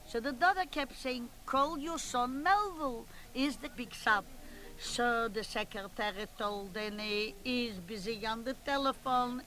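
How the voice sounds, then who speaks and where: A woman's voice: high voice, pushed and bright, poor audio. A woman playing a gossipy, bossy old chairwoman. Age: older. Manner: chatty, scolding, interrupts herself. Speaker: meeting chairwoman. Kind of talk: comic character monologue.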